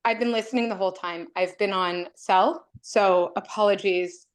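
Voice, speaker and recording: A woman's voice: mid-range voice, steady tone, moderate pace. A woman from Oregon introducing herself to an online committee meeting, earnest and emotional as she talks. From Oregon, USA. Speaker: committee member. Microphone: video call.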